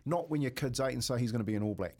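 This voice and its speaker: Fast-talking New Zealand man telling a story. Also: medium pitch. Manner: storytelling, repeats words when excited. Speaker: radio co-host. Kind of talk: casual radio chat.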